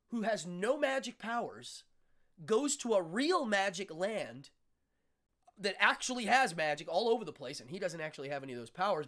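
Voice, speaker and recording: A man hosting a casual interview chat, telling stories in an animated, excitable way. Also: high-pitched. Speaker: host.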